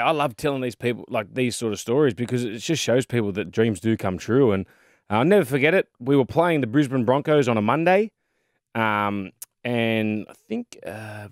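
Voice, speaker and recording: The voice is a mid-range Australian man's, a thirties-something former rugby league player who co-hosts a podcast. Chatting casually, he tells league stories with lively energy, lots of fillers, and frequent "mate." The sound is dry and clean, like a studio.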